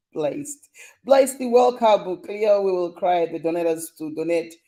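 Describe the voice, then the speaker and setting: A man's voice: on the high side, steady tone, slow pace, mellow. A young man hosting a casual live stream, reading viewer comments in a playful, teasing way and laughing often.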